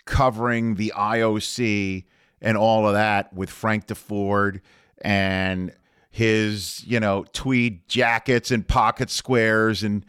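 A man's voice: fairly low pitch, flat delivery, takes it slowly, a bit bright, clean tone, dry recording, studio quality. A male host chatting casually and eagerly, cutting in to prompt his guest. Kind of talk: casual chat.

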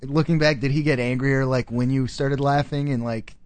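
A man's voice: medium pitch, steady tone, moderate pace. A man co-hosting a podcast, curious and asking follow-up questions in casual chat. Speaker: podcast co-host.

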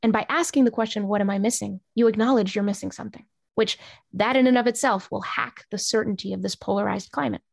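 Measured woman author explaining ideas. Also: mid-range voice, gravelly, dry recording, studio quality. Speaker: author and podcast guest. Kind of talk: interview answer.

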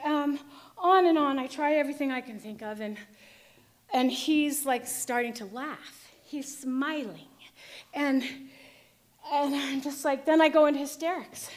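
A woman with a high, light voice tells a personal story with vivid drama. She moves from hushed tension to loud outbursts as she relives it. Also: measured pace. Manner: vivid, dramatic retelling, shifting between hushed and shouting.

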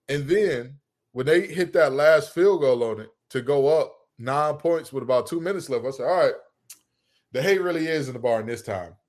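A man co-hosting a sports podcast in loose, casual chat. He talks in an animated, jokey way and trash-talks freely. His voice sits in a middle pitch. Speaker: podcast co-host.

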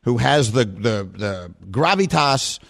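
A man hosting a sports radio show, chatty and quick to laugh as he asks his guest questions. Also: mid-range voice, lively intonation, gravelly, a bit bright.

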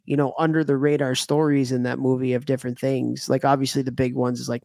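Gravelly-voiced man in casual podcast chat. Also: mid-range voice, no echo. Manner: relaxed, rambling, full of fillers and restarts. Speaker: podcast co-host.

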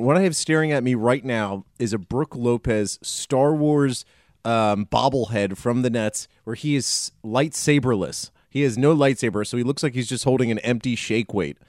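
A man co-hosting a casual sports podcast, talking in an excitable, rambling and jokey way. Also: medium pitch, no echo, studio quality. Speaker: podcast co-host.

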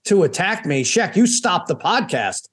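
Boston guy hosting a sports podcast, jokey and self-deprecating, kinda high voice. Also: big pitch swings, fairly bright tone, husky. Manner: joking, self-deprecating, quick banter. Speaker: podcast host. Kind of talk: casual sports podcast chat.

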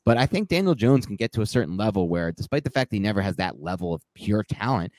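Guy cohosting a football podcast, kinda low voice, rambles and laughs at himself, dry mic. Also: sing-song, quick pace, a little mellow, dry recording. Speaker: podcast co-host. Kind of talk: casual sports podcast analysis.

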